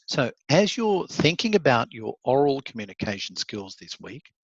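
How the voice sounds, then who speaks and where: A man's voice: medium pitch, big pitch swings, moderate pace, husky, no echo, muffled recording. A man giving an online law lecture, encouraging and conversational, reading out students' comments. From Australia. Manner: encouraging, conversational, laughs often.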